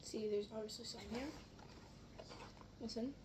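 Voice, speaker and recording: Young girl vlogger, high bright pitch, chatty, overreacts, noisy home recording. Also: unhurried. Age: child. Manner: chatty, easily amused, exaggerated reactions. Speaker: slime vlogger. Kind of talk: casual vlog chat.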